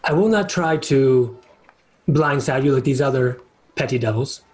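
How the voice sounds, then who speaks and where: A man voicing a sly male devil who offers soul-bargains in a low, slow, hushed tone. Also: close to an everyday voice. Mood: scheming. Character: scheming male devil dealmaker, sly and calm.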